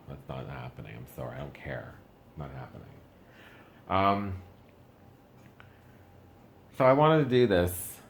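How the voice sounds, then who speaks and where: A Canadian stand-up comedian with a very deep voice performs a set, chatty and self-mocking, his voice jumping up for the punchlines. There is slight background noise.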